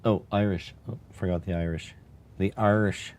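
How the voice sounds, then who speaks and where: A man streaming live, chatting casually and musing aloud in a wry, unhurried way as he types. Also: sits low, steady tone, a little mellow. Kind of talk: casual live-stream chat while typing.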